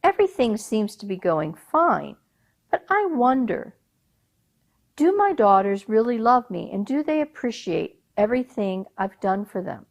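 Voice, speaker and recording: A proud, touchy emir who questions and then orders people about, as a woman storyteller puts him on. His voice swings widely in pitch and his delivery is slow and deliberate. He sounds like a king in a told folk tale. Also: very animated, creaky, full character voice. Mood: asking fondly. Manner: demanding, then angry and commanding. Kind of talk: oral storytelling.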